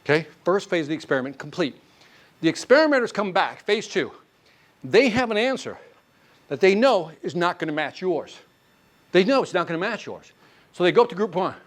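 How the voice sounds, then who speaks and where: Animated man teaching a sales class. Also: sits high, normal speed. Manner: animated, quizzing the class with call-and-response questions. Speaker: sales trainer. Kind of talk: live classroom sales training. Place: training class room.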